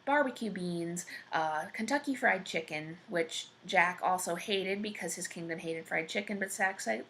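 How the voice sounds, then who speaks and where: Gravelly woman rambling through a story. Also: on the low side, normal speed, few pauses, a bit bright, slight background noise. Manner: rambling, profane, full of fillers. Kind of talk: casual improvised story narration.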